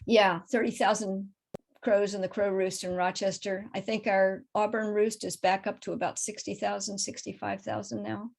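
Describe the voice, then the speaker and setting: A woman's voice: medium pitch, a little mellow. Woman researcher answering audience questions. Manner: thoughtful, explanatory, careful not to oversimplify. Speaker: crow researcher and guest speaker.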